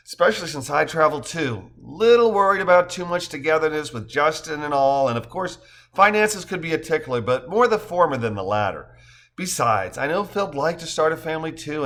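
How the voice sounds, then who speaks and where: A cheerful young woman with a wry, teasing streak, as a male audiobook narrator puts her on. Her lines ride high and bounce around a lot. She sounds amused and quick to needle. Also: a bit bright.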